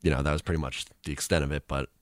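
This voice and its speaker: A man's voice: very deep voice, steady tone, racing, no echo, studio quality. A young man co-hosting a casual chat, rambling through an anecdote and laughing as he tells it. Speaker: co-host, student radio reporter.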